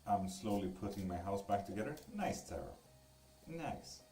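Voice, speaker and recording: Low, mellow man in echoey room. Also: lively intonation, normal speed, recorded from a distance. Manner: loose, joking, swears freely while reading viewer comments. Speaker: tarot reader and live streamer. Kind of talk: casual live-stream chat. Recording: echoey room, voice away from the mic.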